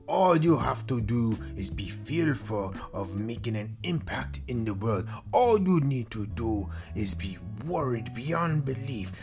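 A man doing a sly restaurant maître d' with a put-on accent that drifts between Southern, French and Eastern European. He purrs over each dish in a slow, drawn-out delivery, theatrical and mock-seductive. Faint music plays underneath. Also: fairly low pitch. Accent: put-on blend of Louisiana, French and Eastern European. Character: smooth, sly male restaurant maître d' hosting a buffet of excuses.

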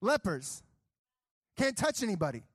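A young adult man preaching a sermon, telling stories with acted-out dialogue and rising to near shouts. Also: high voice, normal speed, slightly rough, no echo. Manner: animated storytelling, acts out dialogue, rises to near shouts.

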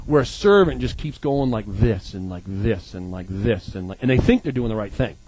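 A man in his thirties preaching a humorous sermon, animated and joking as he acts out little scenes. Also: on the low side, moderate pace, husky, rough recording. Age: 30s.

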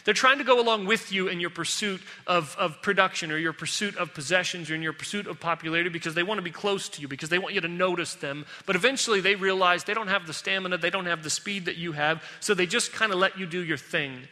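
Bright-voiced man preaching in a hall. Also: sits high, quick pace, few pauses. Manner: emphatic, conversational, storytelling. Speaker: pastor. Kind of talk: sermon with joke stories.

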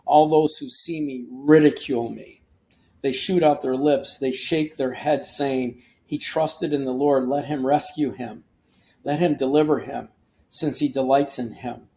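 A man's voice: medium pitch, steady tone, unhurried, dark tone. A man hosting a short devotional podcast, teaching earnestly and reading scripture aloud with emphasis, often restarting his sentences. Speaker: podcast host and preacher.

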